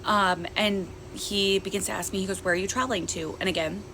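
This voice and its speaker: A young woman telling a frightening personal story in a tense, fast retelling that acts out the quotes. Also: mid-range voice, steady tone, background noise. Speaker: guest. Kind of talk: casual storytelling.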